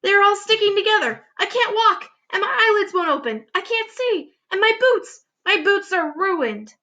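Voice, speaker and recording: A woman voicing a panicky male centipede in a storybook, shouting and wailing complaints. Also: very high voice, expressive, normal speed, dull audio, voice pushed up, full character voice.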